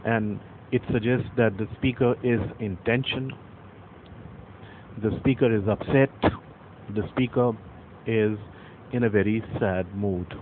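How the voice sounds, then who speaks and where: Teacher over phone-like audio. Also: male voice, on the low side, steady tone. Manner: patient, repeats points and reads verse slowly with stressed syllables. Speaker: English literature teacher. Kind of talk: explanatory lecture. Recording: phone-like audio with faint traffic noise.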